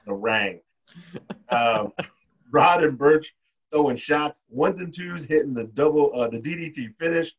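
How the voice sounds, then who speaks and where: A man's voice: fairly high pitch, a little slow, lo-fi sound. A man hosting a podcast, casually recapping wrestling from his notes with loose, profane talk. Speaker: podcast host.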